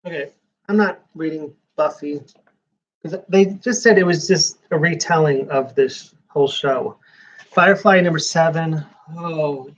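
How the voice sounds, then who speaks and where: Guy rambling on a stream, slow drawl, sarcastic, kinda dull lo-fi audio. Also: fairly high pitch. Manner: sarcastic, wry asides. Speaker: streamer flipping through a comics preview magazine. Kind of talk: rambling live-stream commentary.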